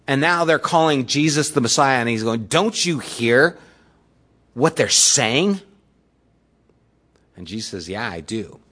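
Slow-paced man preaching casually. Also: mid-range voice, a bit bright. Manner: conversational preaching, retelling scripture in everyday words. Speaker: pastor. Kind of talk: sermon.

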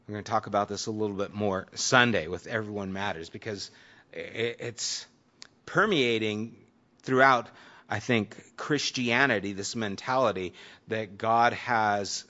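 A man's voice: mid-range voice, pushed and bright, dull audio. A man preaching a conversational Bible-teaching sermon, sometimes acting out the voices of a crowd. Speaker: pastor.

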